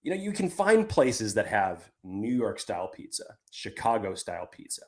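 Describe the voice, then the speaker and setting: A man's voice: lowish voice, sing-song, normal speed, darkish tone. A man co-hosting a casual sports podcast, talking in long rambling sentences that restart midway. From California. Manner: rambling, self-interrupting. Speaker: podcast co-host.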